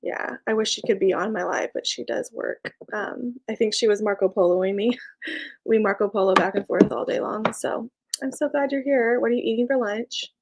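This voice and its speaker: A woman's voice: mid-range voice, moderate pace, gravelly, background noise. A young woman chatting casually on a live stream, reading viewer comments, bubbly and laughing often. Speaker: small business owner and live streamer.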